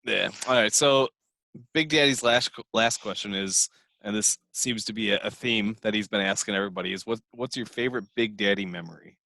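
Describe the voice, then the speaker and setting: Male host, easygoing, reads out questions; lowish voice, dry close sound. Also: a little fast, gravelly, no echo. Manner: relaxed, laughs along, reads listener questions. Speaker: podcast host. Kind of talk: casual interview.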